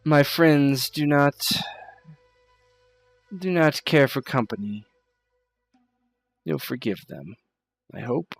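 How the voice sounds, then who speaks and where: A man's voice: on the high side, animated, slow, creaky, long pauses, dry recording, faint music behind, full character voice. A man voicing a proud female desert priestess who speaks in a formal, aloof way. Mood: cool, formal.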